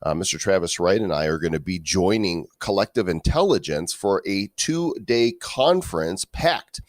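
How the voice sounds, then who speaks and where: A man's voice: low-pitched, lively intonation, moderate pace, dry recording. A man co-hosting a casual podcast, joking around and reading news and promos with playful emphasis. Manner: playful, jokey, reads promos with bursts of emphasis. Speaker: podcast co-host. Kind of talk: casual chat.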